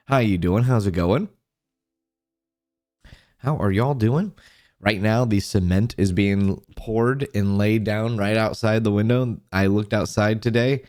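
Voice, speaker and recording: A man's voice: fairly low pitch, takes it slowly, a little mellow. A man streamer in casual livestream chat, greeting viewers by name and trailing off into restarts.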